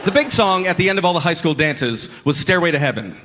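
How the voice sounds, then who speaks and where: A man's voice: fairly high pitch, lively intonation, fast talker, sharp tone. A man doing self-deprecating, mock-earnest stand-up about his teenage years on a club stage. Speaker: stand-up comedian. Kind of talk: stand-up comedy, deadpan storytelling. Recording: live recording with audience noise.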